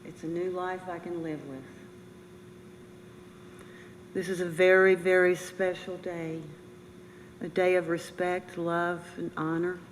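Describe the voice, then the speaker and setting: An older woman giving a personal memorial speech as a bereaved military mother, earnest, halting and emotional. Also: lowish voice, flat delivery. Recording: reverberant room with faint noise.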